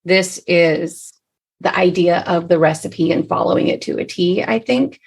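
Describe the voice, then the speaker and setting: A woman hosting a podcast, asking long, relaxed questions in a conversational interview. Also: fairly low pitch, a little slow, gravelly. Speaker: podcast host.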